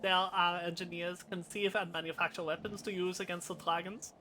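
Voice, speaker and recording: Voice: mid-range voice, little pitch movement, pushed and bright, slight background noise, lightly acted. A streamer reading a formal knightly officer. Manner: formal, measured. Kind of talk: reading game dialogue aloud.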